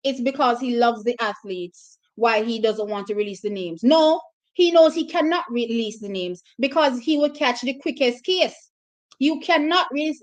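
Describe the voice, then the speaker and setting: Chatty Jamaican woman streaming live. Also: sits high. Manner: chatty, frequent restarts, reacts to chat. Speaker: livestream host. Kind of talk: casual livestream commentary.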